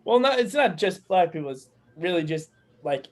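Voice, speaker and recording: A podcast co-host with a voice a touch higher than most men's. He talks in relaxed casual chat and laughs easily. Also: normal speed.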